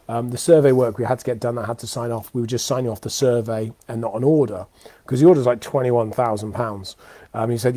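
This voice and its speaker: A man's voice: medium pitch, fairly even intonation, fast talker, warm tone, dry recording. A young British man hosting his weekly live talk show, chatting off the cuff in a rambling way with lots of ums and restarts. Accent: British English. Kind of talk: unscripted casual monologue. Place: at home with dogs.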